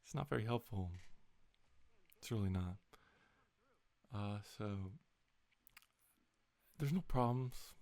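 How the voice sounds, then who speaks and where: A man's voice: on the low side, slow, creaky, pauses often, darkish tone. A young man in a casual, rambling vlog, retelling a story in an exasperated tone with lots of swearing. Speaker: vlogger.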